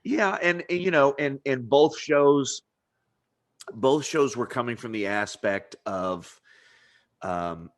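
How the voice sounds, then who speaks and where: A man's voice: mid-range voice, takes it slowly. Chatty laughing male podcast host. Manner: rambling, laughs often, many restarts. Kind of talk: casual interview chat.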